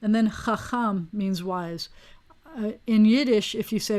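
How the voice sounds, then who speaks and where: A woman rabbi teaching an online Hebrew class in a relaxed, digressive way, with plenty of fillers, speaking into a video call mic. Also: mid-range voice, unhurried. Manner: chatty, digressive, with frequent fillers.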